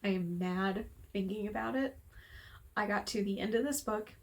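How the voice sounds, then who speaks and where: A book reviewer with a mid-range voice talks to camera at a normal speed in a room at home with the window open. Her casual vlog is a heated, exasperated rant full of free swearing.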